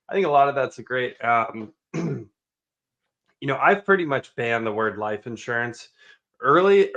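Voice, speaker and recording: A man co-hosting a sales podcast, telling stories in a casual, animated way and acting out sales pitches. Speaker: podcast co-host.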